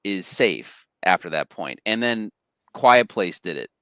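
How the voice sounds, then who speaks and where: Deep smooth-voiced man, measured. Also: lively intonation, pushed and bright, no echo. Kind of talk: casual chat.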